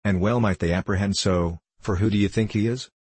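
A man narrating a period novel in a measured, formal reading. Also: fairly low pitch, steady tone, a little mellow, breathy edge, no room sound. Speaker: audiobook reader.

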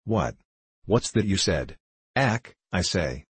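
Brief: man doing a blunt, earnest recluse in an audiobook; deep, husky voice. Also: very animated, no room sound, full character voice. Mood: flustered. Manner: blunt, hot and rapid. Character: proud reclusive young man, abrupt and earnest.

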